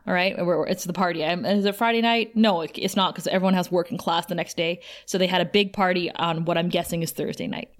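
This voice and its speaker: Animated woman recapping an episode. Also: medium pitch. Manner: animated, retells scenes quoting characters. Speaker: podcast co-host. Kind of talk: casual recap chat.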